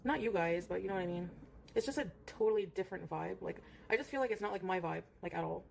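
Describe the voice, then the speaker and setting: A woman's voice: lowish voice, fast talker, gravelly, slight background noise. A woman streamer chatting casually in a rambling way, full of fillers, and cooing at her cat between remarks. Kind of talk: casual livestream chat.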